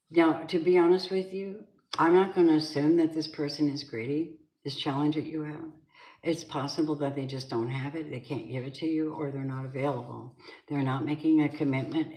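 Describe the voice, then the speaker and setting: A woman's voice: low-pitched, a little mellow. A middle-aged woman giving a casual tarot reading, blunt and outspoken. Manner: blunt, swearing, flares up into angry venting. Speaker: tarot reader. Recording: echoey room with faint noise.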